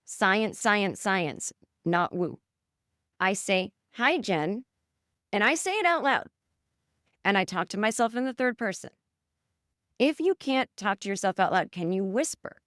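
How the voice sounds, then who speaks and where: A woman's voice: medium pitch, big pitch swings, measured pace, pauses often, a bit bright, no echo, studio quality. A woman podcast host giving a chatty, earnest guided self-help talk, coaching listeners through an exercise and talking to herself in the third person.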